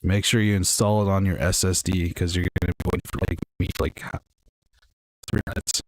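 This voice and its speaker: Young man, very low voice, casual livestream chatter, rambling. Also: little pitch movement, brisk, dry recording. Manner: rambling, chatty, talks to chat while playing. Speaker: streamer. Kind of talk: casual gaming livestream chat.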